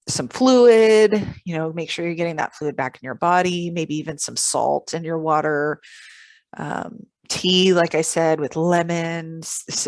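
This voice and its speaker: Low-voiced woman giving earnest self-care advice. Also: no echo. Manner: earnest, reflective, frequent fillers. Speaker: vlogger on emotional self-care. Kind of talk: casual advice monologue to camera.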